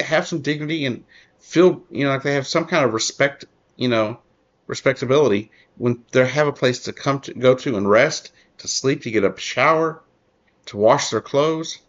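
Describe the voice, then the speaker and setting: On lo-fi sound, a man whose voice runs on the high side hosts his own political commentary show. He reads an article aloud with earnest asides, halting and frequently restarting, with many fillers.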